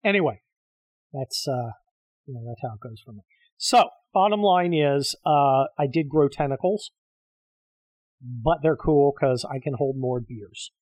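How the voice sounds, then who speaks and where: A middle-aged man holds forth alone as the host of his show, swearing freely and sounding thoroughly exasperated. His voice sits at an ordinary pitch and is recorded dry and close, with no room around it. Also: measured pace, long pauses, a little mellow, no echo. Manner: profane, combative, exasperated ranting. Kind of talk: solo ranting monologue.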